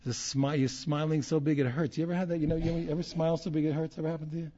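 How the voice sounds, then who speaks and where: A man, a rabbi, teaching a Torah class in an animated way, repeating phrases and restarting often. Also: fairly high pitch, very fast, slight background noise. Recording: dull lo-fi recording.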